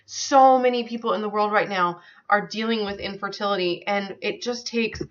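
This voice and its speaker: A woman talks straight to her viewers, sharing a personal story in an earnest, conversational way. She fills her sentences with small hesitations, and her pitch sits in an ordinary middle range. The recording sounds slightly dull and lo-fi. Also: moderate pace. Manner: earnest, conversational, many fillers. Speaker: vlogger.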